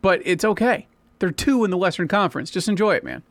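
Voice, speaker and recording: A man's voice: high voice, animated, fast talker, no echo. A man co-hosting a sports talk show, making blunt, insistent points with casual swearing. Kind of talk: sports radio debate.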